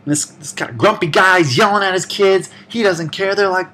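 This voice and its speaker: Bright-voiced man doing a rambling comedy recap. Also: sits high. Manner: rambling excited retelling with quick acted-out quotes. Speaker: comedy movie reviewer. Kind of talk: comedic movie recap vlog.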